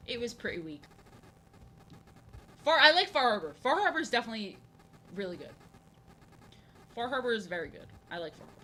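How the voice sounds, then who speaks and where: A bright-voiced young woman chatting loosely while she sketches on stream. She rambles and repeats herself and fills her pauses, talking into a desk mic. A faint hiss sits under her voice. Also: fairly high pitch, sing-song, poor audio. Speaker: art streamer. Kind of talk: casual chat while drawing on stream.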